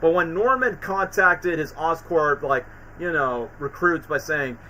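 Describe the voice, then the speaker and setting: A man streaming casual commentary, excitable and acting out quoted lines as he recaps scenes. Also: fairly high pitch, unhurried, slight background noise, rough recording.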